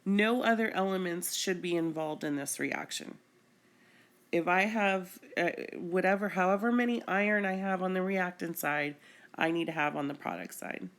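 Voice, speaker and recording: A woman's voice: lowish voice, moderate pace, a bit bright. A woman chemistry teacher explaining a screencast lesson patiently, step by step.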